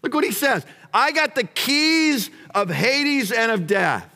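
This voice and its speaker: Male pastor, sermon delivery, slow and measured, lots of repetition, big reverberant hall. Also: very high voice, very animated. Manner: swings from hushed prayer to shouting emphasis; repeats phrases as he builds.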